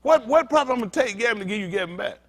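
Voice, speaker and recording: A man with a high-pitched voice preaches very fast and animatedly. He's the pastor, addressing his synagogue congregation directly in a joking, conversational style.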